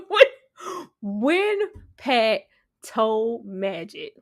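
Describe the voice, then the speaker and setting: A woman giving a casual reaction review of a TV episode, slangy and animated, laughing often and swearing freely. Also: on the high side, drawn-out words, no echo, studio quality.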